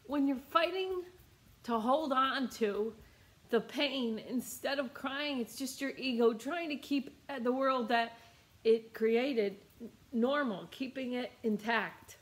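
Young adult woman, slightly high voice, tearful, rambling storytelling, repeats herself. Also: slow pace. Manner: emotional, rambling, repeats phrases. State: tearful, near crying. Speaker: meditation teacher. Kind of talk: personal storytelling.

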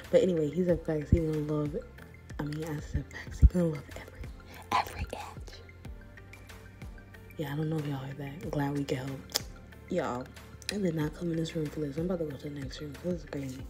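A woman's voice: sits low, warm tone. A young woman vlogger giving casual, slangy commentary on a chat room, laughing often and sometimes dropping to a whisper.

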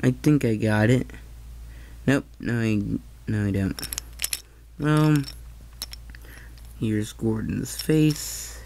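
A man's voice: lowish voice, drawn-out words, creaky, long pauses, a little mellow, slight background noise. A man giving a casual toy train review, hesitant and often correcting himself mid-sentence.

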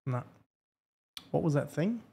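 A man's voice: a little high, lively intonation, measured pace, vocal fry, background noise. A young man streaming a game, chatting casually, swearing often, blunt and grumbling between laughs. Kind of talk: casual live-stream chat while gaming.

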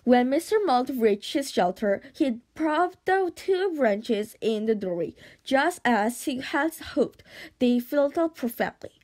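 Woman narrator for an audiobook, high voice, steady read with a few slips. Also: measured pace. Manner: steady reading with occasional stumbles and restarts. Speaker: audiobook reader. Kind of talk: audiobook reading.

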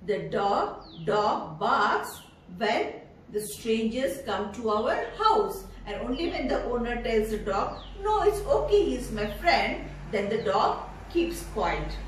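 A woman, teaching preschoolers slowly and in a sing-song way. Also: fairly high pitch, expressive, a little hiss or hum. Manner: sing-song, slow and drawn out, imitates animal sounds. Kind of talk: teaching young children. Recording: echoey room from far off.

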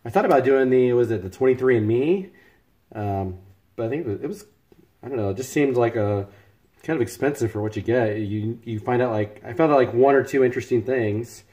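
A man's voice: medium pitch, fairly quick, mellow. A man from the United States hosting a home cooking live stream, chatting casually and greeting viewers by name as he cooks.

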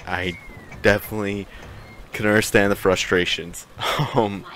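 A man with a low voice rambles through gameplay commentary, filling pauses with ums and small chuckles. He talks loosely and drifts from one point to the next. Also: fairly even intonation, fairly bright tone, slight background noise. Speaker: game streamer.

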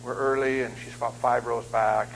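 A man in his fifties preaching as a guest speaker, telling funny stories in an animated, self-deprecating way. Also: medium pitch, fairly quick, vocal fry, a little hiss or hum, low-quality recording. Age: 50s. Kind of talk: humorous sermon storytelling. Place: church sanctuary.

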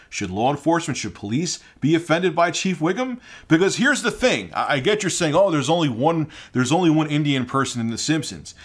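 A man giving ranting opinion commentary, indignant and heated, firing off rhetorical questions. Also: on the high side. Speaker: online commentator.

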